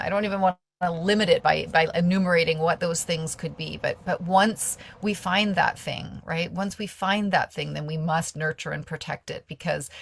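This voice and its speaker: Woman on a video call, kinda low and gravelly, rambly with lots of ums, gets excited. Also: dry recording. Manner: rambling, many fillers and restarts; lights up with enthusiasm. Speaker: guest speaker. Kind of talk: casual talk on a video call.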